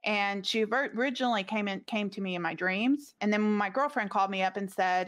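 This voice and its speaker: A woman's voice: mid-range voice, brisk, few pauses, a bit bright. A middle-aged woman, a podcast guest, telling a story in casual conversation, rambling with lots of "like" fillers and restarts.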